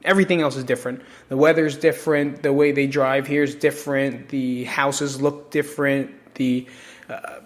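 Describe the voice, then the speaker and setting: A man's voice: medium pitch, level tone, unhurried. A man from New Jersey hosting his own podcast, talking openly and emotionally to listeners with plenty of swearing in a casual solo monologue. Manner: candid, emotional and profane, talks straight to listeners. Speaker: podcast host.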